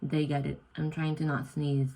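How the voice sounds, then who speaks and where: A woman's voice: flat delivery, moderate pace, creaky, warm tone, low-quality recording. A young woman from Indonesia, chatting casually to camera in her student room at night. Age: young adult. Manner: chatty, self-deprecating, acts out quoted lines in a higher voice. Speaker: vlogger, exchange student. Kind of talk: casual talking-to-camera vlog.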